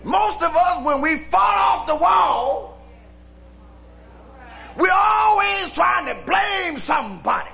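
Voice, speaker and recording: A man preaching a sermon as pastor, shouting in a folksy preaching cadence. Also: very high-pitched, expressive, slow, gravelly, long pauses, a faint crowd, slight background noise. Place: church with congregation.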